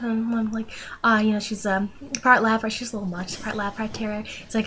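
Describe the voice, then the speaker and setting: Young woman, chatty, rambling, bright tone, faint background hum. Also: medium pitch, level tone, a little fast. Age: young adult. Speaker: vlogger. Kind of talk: casual storytelling.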